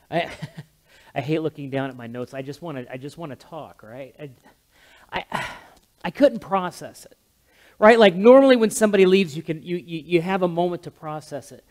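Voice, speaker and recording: A talkative male pastor delivers a heartfelt memorial sermon from the pulpit of a church. His voice sits fairly high, and he speaks through an amplified microphone. He is wordy and loud by his own account, often stumbling and restarting his sentences. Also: normal speed. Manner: talkative, self-described loud, frequent restarts. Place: church sanctuary. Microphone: amplified handheld or stand mic with monitor.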